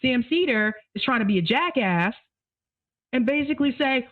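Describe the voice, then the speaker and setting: A woman comments on politics with scorn and indignation, her voice a little high. The audio is thin and tinny, and it sounds dry. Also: expressive, moderate pace, no echo. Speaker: political commentator in a played clip. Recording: tinny phone-like clip audio.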